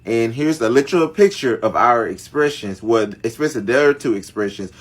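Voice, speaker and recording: A man's voice: mid-range voice, animated, normal speed. A young man narrating a dramatic family story to his viewers in a chatty, casual storytime style. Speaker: storyteller vlogger.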